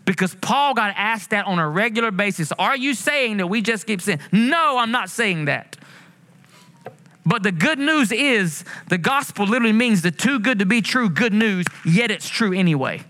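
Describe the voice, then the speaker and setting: A man preaching a sermon as pastor, swinging between quick asides and slow, passionate emphasis on quoted verses. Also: high voice, lively intonation, bright, forceful tone.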